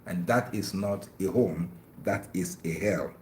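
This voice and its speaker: A man's voice: sits low, measured pace, a little mellow, slight background noise. Earnest man preaching in an echoey room. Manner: earnest, preachy, stammers on repeated words. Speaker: Islamic talk show host. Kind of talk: religious advice talk with phone-in.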